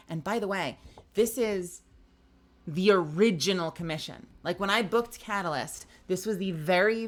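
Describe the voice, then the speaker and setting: A woman with a slightly low voice chats away on a live stream while she signs autographs. She is excitable and talkative, laughs often and swears casually. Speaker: voice actor streaming an autograph signing.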